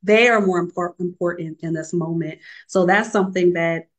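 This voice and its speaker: A woman's voice: on the low side, normal speed, low-quality recording. A middle-aged woman on a faith-based panel, sharing candid, reflective thoughts in a conversational discussion.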